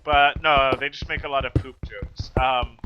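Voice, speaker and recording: A man's voice: medium pitch, fairly even intonation, moderate pace, lo-fi sound, background noise. A young man co-hosting a casual gaming podcast who rambles along with frequent hesitations. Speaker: podcast co-host. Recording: loud music underneath.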